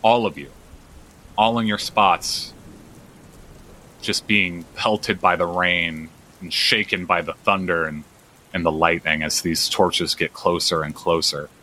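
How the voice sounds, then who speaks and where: A man's voice: sits low, steady tone, slow, bright, forceful tone, low-quality recording. A man narrating as game master of a tabletop game, vivid and full of restarts.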